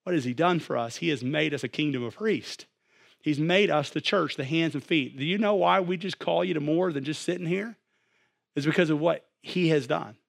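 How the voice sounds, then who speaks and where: Young pastor, slightly high voice, animated, swings from loud to hushed. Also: male voice, moderate pace, gravelly. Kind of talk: sermon.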